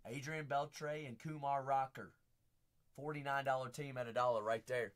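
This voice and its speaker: A man hosting a live-streamed card break, chatting with viewers by name, teasing them, and breaking into hype shouts as he talks through teams while standing. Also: medium pitch, normal speed. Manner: hype-driven, bursts into shouts. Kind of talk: live-stream auction patter.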